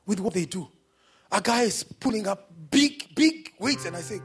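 A male pastor preaching a sermon in church on a handheld microphone. He is animated, swings between loud exhortation and soft asides, and keeps asking the congregation for an amen. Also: high-pitched, moderate pace, faint music behind.

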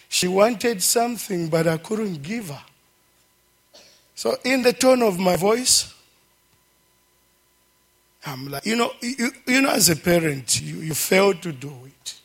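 A middle-aged man in a church service gives a heartfelt testimony, his voice sitting a bit higher than most men's. He speaks slowly and haltingly, full of feeling, and keeps breaking into fervent praise. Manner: emotional, slow and halting. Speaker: church member giving testimony. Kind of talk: emotional church testimony and prayer.

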